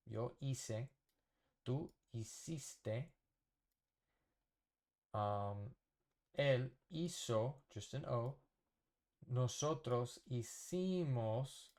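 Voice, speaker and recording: A man teaching a casual lesson at a whiteboard, explaining slowly and patiently, often checking with "okay?". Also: mid-range voice, darkish tone. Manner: slow, patient explaining with fillers and repeated checks. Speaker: Spanish teacher.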